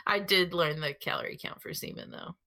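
A woman's voice: on the low side, steady tone, moderate pace, sharp tone. A woman co-hosting a podcast in casual chat, giggly and teasing. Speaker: podcast co-host.

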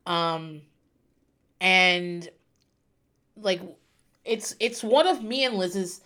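A woman's voice: lowish voice, animated, very slow, bright, forceful tone. A woman in her thirties, a podcast host, telling a personal story in a casual, chatty way, with lots of fillers and restarts. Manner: chatty, tearful-then-laughing storyteller with frequent fillers.

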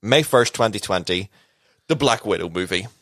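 A man's voice: lowish voice, animated, moderate pace, a bit bright, no room sound. A man co-hosting a podcast in casual chat who steers the talk and reads out lists. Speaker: podcast co-host.

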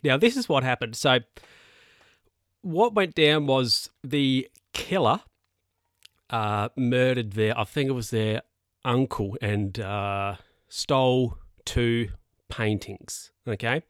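A chatty man rambles through a casual spoken monologue and chuckles at his own tales. His voice sits at an ordinary middle pitch. It is recorded close and dry, with hardly any room sound. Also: slow pace, no room sound.

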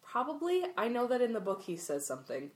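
Playful woman co-host with lively pitch. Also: fast. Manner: playful, jokey, mimics voices. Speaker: podcast co-host. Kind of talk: casual chat.

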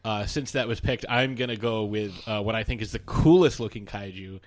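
A man co-hosting a podcast in casual chat, animated and profane, laughing often as he talks. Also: fairly low pitch, a little fast. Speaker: podcast co-host.

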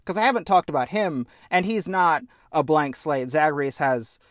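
A man talking through a video game on a podcast with heartfelt, animated earnestness. His voice sits a little high for a man. The sound is dry and close, with no room echo. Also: normal speed. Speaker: podcast co-host. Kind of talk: casual chat about a video game.

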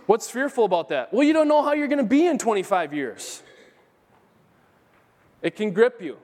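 Guy pastor preaching a sermon, kinda high voice, says things twice for emphasis, long church echo. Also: very animated, moderate pace, darkish tone. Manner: preaches with emphatic repetition, quotes scripture aloud. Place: church sanctuary.

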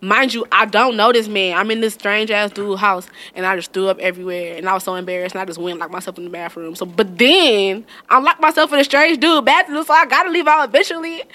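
A young woman, telling funny stories in a loose, profane, animated way and laughing often. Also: mid-range voice, fast, few pauses. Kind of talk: casual storytelling chat.

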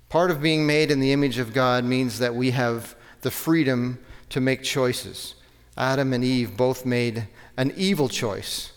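A man's voice: a little high, unhurried, clear, resonant tone. A man preaching a sermon, conversational, with self-corrections and rhetorical questions. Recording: long hall reverb.

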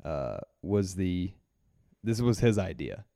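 A podcast co-host with a low, mellow voice speaks slowly but with lots of animation, telling a story in casual chat. He rambles, restarts often and laughs a lot. The studio-quality recording has no echo.

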